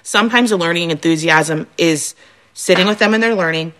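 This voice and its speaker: A woman's voice: lowish voice, brisk, poor audio. A woman, a mother of young kids, chatting on a panel and acting out her children's voices as she tells stories. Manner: animated, acts out her kids' voices. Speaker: panelist mom. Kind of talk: casual chat.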